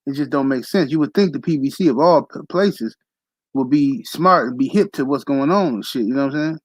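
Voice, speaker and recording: Profane, fast-ranting male boxing host. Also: on the high side, dry recording, low-quality recording. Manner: profane, animated, fast-talking slang. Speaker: boxing talk show host. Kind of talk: casual livestream rant.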